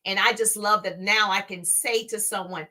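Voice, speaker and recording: Bright, lively woman telling her story. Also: medium pitch, normal speed. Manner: animated, laughs often, playful exclamations like "baby". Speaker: speaker teaching social media marketing. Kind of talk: casual motivational storytelling.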